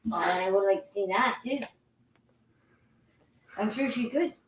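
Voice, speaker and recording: A woman making quiet, brief remarks in casual chat, heard off-mic. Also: mid-range voice, measured pace, slight background noise.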